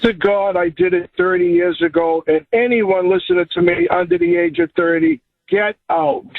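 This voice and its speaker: A high-voiced man, calling in to a talk radio show. His voice is gravelly, and he speaks bluntly and emphatically. He comes through a tinny, phone-like line. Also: sing-song, moderate pace, dry recording. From Boston area. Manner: emphatic, urgent warnings. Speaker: caller. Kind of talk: radio call-in.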